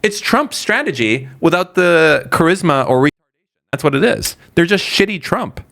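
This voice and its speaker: Male co-host, animated pitch, blunt and profane, casual. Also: moderate pace, vocal fry. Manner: blunt, swears, jokes freely. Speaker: podcast co-host. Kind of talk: casual podcast chat.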